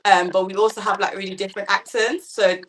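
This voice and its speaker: A woman's voice: medium pitch, steady tone, quick pace, a little hiss or hum, low-quality recording. A woman from London with a London accent, chatting as a chef guest in an upbeat way and laughing often. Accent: London English. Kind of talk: casual interview chat.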